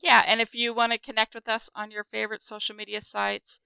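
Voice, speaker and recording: A woman co-hosting a podcast in casual, rambling chat, quick to laugh and tired after a long drive. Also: fairly high pitch, little pitch movement, creaky, bright, forceful tone, clean tone, no echo, poor audio. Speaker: podcast co-host.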